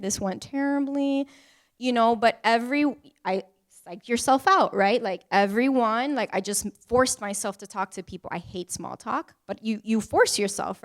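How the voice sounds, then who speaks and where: Chatty woman on a panel, smooth voice, says like a lot. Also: medium pitch. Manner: chatty, many "like" fillers, laughs between points. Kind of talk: casual panel talk.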